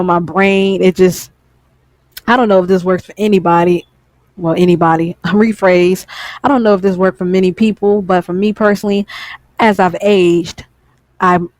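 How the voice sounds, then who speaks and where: A woman's voice: fairly low pitch, darkish tone, no echo. A woman gaming YouTuber in a heated, profane ranting vlog, who keeps repeating lines for emphasis.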